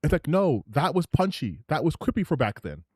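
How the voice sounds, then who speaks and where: Animated, rambling male streamer. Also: a little high, normal speed, slightly rough, dry recording, studio quality. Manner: animated and rambling, with many restarts. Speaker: streamer host. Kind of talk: live reaction commentary.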